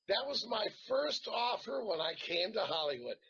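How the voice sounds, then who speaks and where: A gravelly, older man spins a profane story, his pitch swinging wide as he goes. His voice is bright and edgy, and the recording sounds dull and lo-fi. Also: sing-song, moderate pace, a crowd in the background. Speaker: guest actor. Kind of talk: casual anecdote telling.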